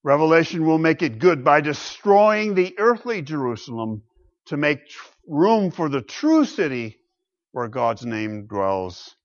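A man preaching a sermon, emphatic, swinging between loud exclamations and quiet low asides. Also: big pitch swings, unhurried, dull audio.

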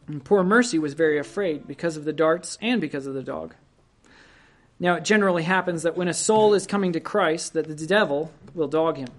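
An earnest preacher gives a sermon at an unhurried, deliberate pace. The voice sits at a middling pitch and exhorts listeners directly. Quoted verses come out raised and emphatic.

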